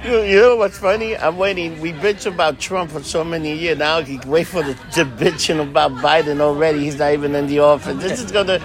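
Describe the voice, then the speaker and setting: A man's voice: on the high side, fairly even intonation, brisk, hardly any pauses. A man in casual chat who exclaims, swears and repeats himself. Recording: crowd noise behind.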